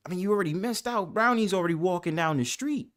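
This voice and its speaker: A man's voice: sits high, lively intonation, fairly bright tone. Playful New York man bantering. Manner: playful, teasing, quick to laugh. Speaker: live stream host. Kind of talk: casual live-stream banter.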